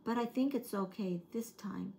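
A woman voicing a friendly, playful young male panda bear in a picture-book story, sounding bright and eager. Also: a little high, normal speed, gravelly, a little hiss or hum.

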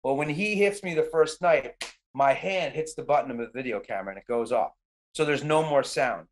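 A man's voice: mid-range voice, brisk, a little hiss or hum. A middle-aged man casually recounting a film shoot in a podcast interview, acting out his own quotes with lots of "like". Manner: animated storyteller, acts out quotes, frequent "like".

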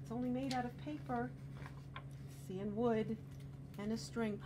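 A woman reading a picture book to children and then explaining a craft, gentle and exclamatory, often asking the children questions. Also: fairly high pitch, measured pace, pauses often. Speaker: children's librarian. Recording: steady background hum.

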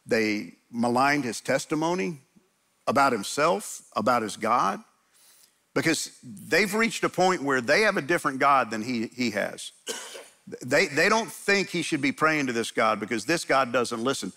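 A man's voice: medium pitch, big pitch swings, unhurried, sharp tone. A middle-aged male pastor giving a conversational sermon, often stammering and restarting, acting out scripture quotes with emphatic energy.

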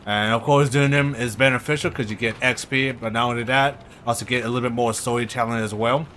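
Bright-voiced man doing casual game commentary. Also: medium pitch, fairly even intonation, fast, a little hiss or hum. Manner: chatty, laid-back, lots of "like" and "you know". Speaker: gaming channel host. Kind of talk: casual let's-play commentary.

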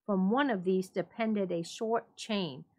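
A woman reads a classic horror story aloud in a steady, deliberate storytelling voice. Her pitch sits in an ordinary middle range for a woman. She quickens slightly when she voices the characters' lines. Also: rough recording. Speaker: library staff reader.

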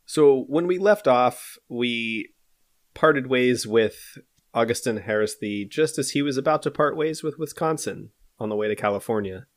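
A man's voice: mid-range voice, lively intonation, moderate pace. Man narrating history on a podcast. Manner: reads prepared narration steadily, then banters loosely. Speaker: podcast host and storyteller. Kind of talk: scripted history narration mixed with casual chat.

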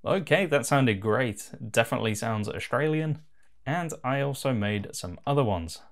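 A man with a mid-range voice explains software step by step in a relaxed, casual voice-over. He talks in an easygoing, conversational manner as he clicks through settings. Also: medium pitch, moderate pace. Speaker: tutorial host.

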